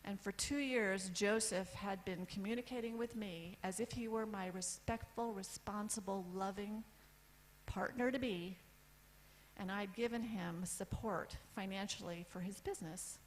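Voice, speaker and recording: A woman's voice: mid-range voice, slight background noise, poor audio. Candid woman telling her own story. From United States. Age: 50s. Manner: candid, lists items with pauses for effect. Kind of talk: personal story talk on stage. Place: event stage.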